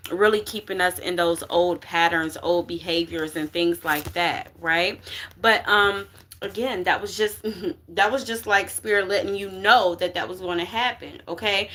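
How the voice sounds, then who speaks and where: A woman's voice: on the low side, moderate pace, fairly bright tone. A woman giving a casual spiritual reading to viewers, slangy and emphatic, often checking in with her listeners. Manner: slangy and emphatic, checks in with "okay?" and "you get what I'm saying?". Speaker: spiritual reader.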